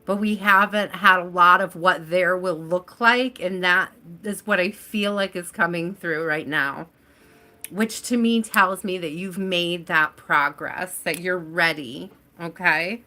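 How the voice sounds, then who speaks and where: A woman's voice: on the low side, a little slow, sharp tone. A woman hosting a live tarot reading stream, chatting casually and addressing viewers by name as she reads.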